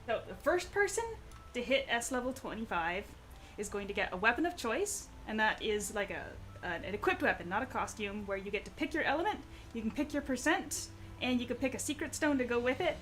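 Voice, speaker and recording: Brief: higher-pitched woman, casual game stream host, faint hiss behind. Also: expressive, fairly quick, a bit bright. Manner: chatty, explaining game rewards while playing. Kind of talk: casual live stream chat.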